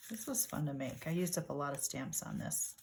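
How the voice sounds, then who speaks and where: A woman with a low-pitched voice talks through a crafting session in a soft, unhurried way, half to herself. A faint noise floor sits under the recording. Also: expressive, gravelly. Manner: soft, unhurried, talking to herself while working. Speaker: craft channel host. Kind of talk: relaxed crafting commentary.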